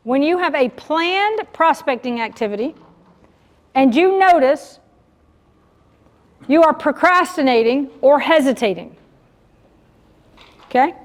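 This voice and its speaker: Woman speaker, high bright-pitched voice, punchy and direct with the crowd, miked on stage in a reverberant conference hall. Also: slow, long pauses. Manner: animated, direct, addresses the audience as y'all. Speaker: sales coach speaking at a breakout session. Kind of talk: live motivational keynote talk.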